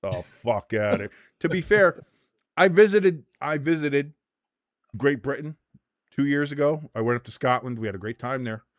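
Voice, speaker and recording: Profane, animated American man hosting. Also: mid-range voice, normal speed, dry recording. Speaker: host. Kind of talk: casual watch-along chat.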